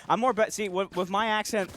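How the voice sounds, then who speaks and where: A young man casting a college esports match live, chatty and joking, with excited calls on big plays. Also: high-pitched, normal speed, slight background noise. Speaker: esports caster. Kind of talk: live esports play-by-play commentary.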